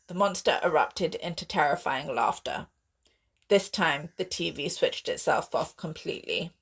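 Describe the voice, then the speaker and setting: A woman author reading her own sci-fi horror novel aloud in steady, expressive audiobook narration. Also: deep voice, normal speed, gravelly, breathy edge.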